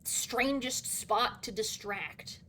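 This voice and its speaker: A woman streaming a game live, talking loudly and exasperated, swearing a lot and laughing between outbursts. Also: fairly high pitch, extremely slow, slight background noise. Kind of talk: live gameplay commentary.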